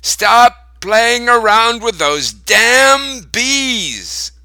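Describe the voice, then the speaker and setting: Storybook grandma, old and fed up, shrill and scolding, as a male reader does her voice. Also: sing-song, drawn-out words, pushed and bright, no echo, exaggerated voice. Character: angry old grandma shouting from a window.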